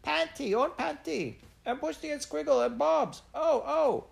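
A man doing a tiny baby boy in a read-aloud storybook, squealing names in a voice pushed far up into a high falsetto. The babble is loud, lively and breathless with joy. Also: a little slow, creaky, full character voice. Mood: shrieking delight. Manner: squealing, shrieking baby talk.

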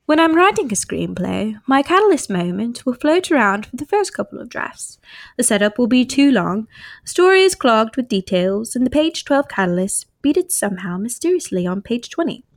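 A woman reading a passage aloud in a put-on English accent, in a measured, deliberate way. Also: fairly high pitch, big pitch swings, no echo, clean studio sound. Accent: mock English.

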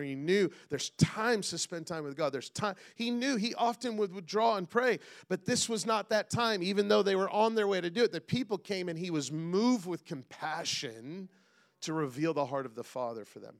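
A middle-aged man preaching a sermon as pastor, calling out to the congregation and swinging between loud and hushed delivery. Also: on the high side, moderate pace.

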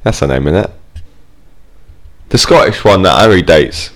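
Male co-host, very deep, swears freely, loose rambling banter. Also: animated, normal speed. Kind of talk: casual chat.

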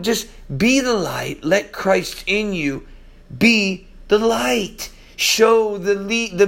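A male preacher with a high, lively voice delivers an informal Bible-study sermon. His pitch leaps and dives, one moment loud and exclaiming, the next dropping to a low murmur.

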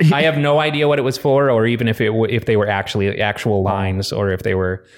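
A man's voice: lowish voice, fairly even intonation, a little fast. A young man in casual chat, telling rambling stories full of fillers and restarts. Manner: rambling, filler-heavy storytelling.

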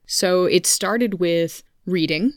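A woman's voice: fairly low pitch, slow pace, dry recording, clean studio sound. A woman in her thirties hosting her own podcast, talking candidly and chatting with asides to her listeners, recorded on a microphone at a home computer. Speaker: podcast host. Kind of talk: personal podcast monologue. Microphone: studio microphone at a home computer.

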